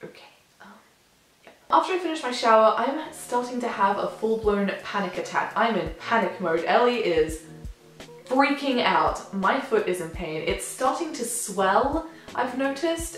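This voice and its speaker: A woman's voice: mid-range voice, expressive, measured pace. A teenage woman telling a storytime vlog, chatty and dramatic, acting out what people said. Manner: chatty, dramatic retelling with acted-out quotes. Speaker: vlogger. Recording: very echoey room, faint music.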